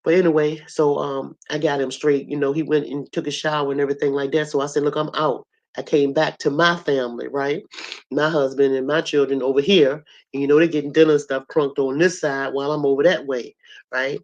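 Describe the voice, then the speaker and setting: A hoarse woman with a cough, telling a story to her audience in a blunt, colorful, animated way. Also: deep voice, fairly quick, highs cut off. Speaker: host.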